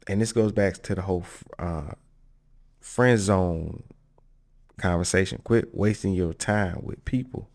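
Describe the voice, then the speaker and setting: A man with a very low, gravelly voice gives casual commentary as a podcast host. He talks at an unhurried pace and is blunt and candid, laughing between his points. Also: darkish tone. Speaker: podcast host reacting to clips.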